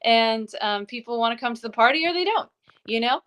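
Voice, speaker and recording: Earnest woman in her 30s coaching on a livestream, kinda high voice, smooth and resonant. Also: animated, fairly quick, a bit bright. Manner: earnest, encouraging.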